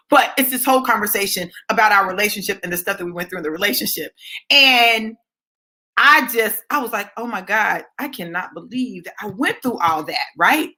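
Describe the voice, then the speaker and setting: A woman talking straight to her viewers in a casual storytelling monologue, swinging from low asides to high exclamations and checking in with "right?". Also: pushed and bright. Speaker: vlogger.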